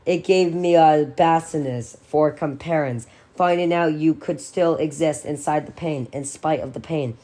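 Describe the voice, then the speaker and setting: A thoughtful grown man looking back on his boyhood in a quiet, earnest tone, as a woman reads him. The voice stays low and subdued. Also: measured pace, few pauses. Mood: reflective. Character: reflective grown man recalling his childhood.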